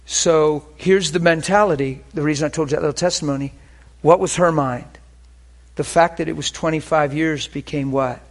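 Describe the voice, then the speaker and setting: A man preaching and telling healing stories, swinging between hushed and loud. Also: fairly high pitch. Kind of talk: sermon with healing testimony.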